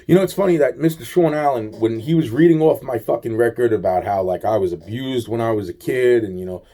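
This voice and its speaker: Man for a rambling, aggrieved monologue, mellow low timbre, heavy swearing, repeats himself. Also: brisk. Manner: profane, repetitive, aggrieved storytelling.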